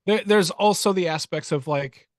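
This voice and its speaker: A man's voice: sits high, normal speed, no room sound, studio quality. A man co-hosting a casual podcast chat, thinking aloud, repeating words as he starts, and chuckling. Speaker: podcast co-host.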